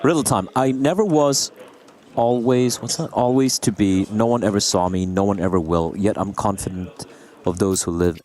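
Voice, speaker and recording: A man doing esports color commentary on a headset, talking through plays quickly and trading jokey banter. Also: lowish voice, a little mellow.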